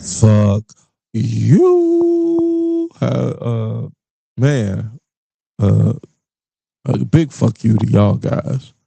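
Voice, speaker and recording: A man's voice: on the low side, very slow, gravelly, long pauses, slightly rough, dry recording. A middle-aged man from the Richmond, Virginia area hosting a podcast, ranting bluntly and profanely in a casual monologue. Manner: blunt, profane, animated rants with laughs. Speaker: podcast host.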